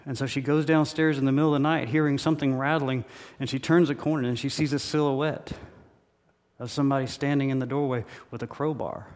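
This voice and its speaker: A pastor delivering a sermon in a church, emphatic and repetitive, with humorous stories. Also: male voice, mid-range voice. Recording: reverberant hall.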